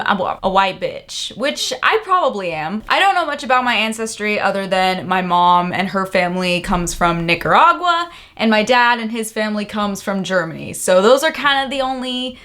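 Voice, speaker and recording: Young woman, casual vlog, excitable, candid, cursing, somewhat high-pitched. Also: moderate pace, hardly any pauses. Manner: candid, excitable, swears freely. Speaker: vlogger.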